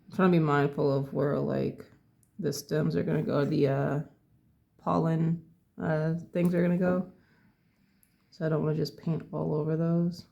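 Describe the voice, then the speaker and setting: A painting teacher talks through a tutorial in a gravelly voice with a dark, mellow tone. They take their time and think aloud about each step of the work. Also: mid-range voice, flat delivery, moderate pace, highs cut off. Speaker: painting instructor.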